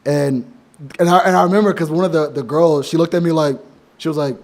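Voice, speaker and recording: A young man talks in a rambling, casual advice monologue, blunt and profane, breaking off and restarting often. His voice sits fairly high for a man. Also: fairly even intonation, a little fast, darkish tone. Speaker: men's advice vlogger.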